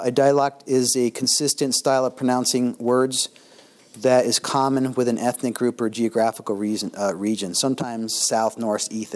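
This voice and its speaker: An older man giving a casual classroom lecture, conversational, with pauses and restarts and lively swings in loudness. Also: mid-range voice. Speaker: instructor.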